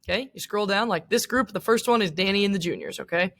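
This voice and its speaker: A woman's voice: mid-range voice, fast, fairly bright tone. A young woman teacher giving a casual recorded lecture, chatty, with many fillers and asides.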